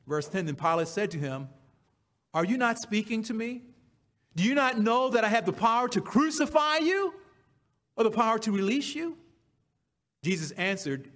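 Male preacher with a high-pitched voice, reading scripture and expounding it, alternating emphatic cries with hushed asides. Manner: swings from loud emphatic cries to hushed near-whispers.

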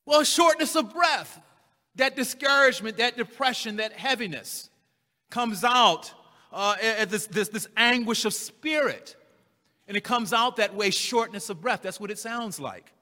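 A man preaching in a church sanctuary, his voice high and strikingly bright. He preaches with emphasis and slips into the voices of the scripture figures. Long reverb hangs behind every word. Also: lively intonation, a little slow. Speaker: pastor. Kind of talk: sermon.

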